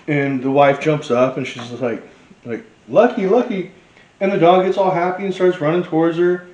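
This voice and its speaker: A man's voice: fairly high pitch, darkish tone, roomy sound, highs cut off, slight background noise. Profane rambling man telling a story. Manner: profane, rambling, laughs often. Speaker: cooking show host. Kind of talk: casual storytelling while cooking.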